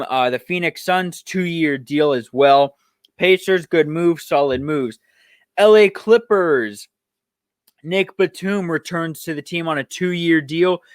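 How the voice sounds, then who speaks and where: A man's voice: a little high, no echo. Profane, ranting young male sports podcaster. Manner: heated, profane, exasperated ranting. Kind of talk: solo sports podcast rant and roundup.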